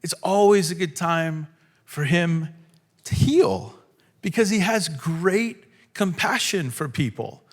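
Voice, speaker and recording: A man preaching a sermon in a church, acting out quotes and swinging from loud to hushed. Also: on the high side, animated, takes it slowly. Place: church hall.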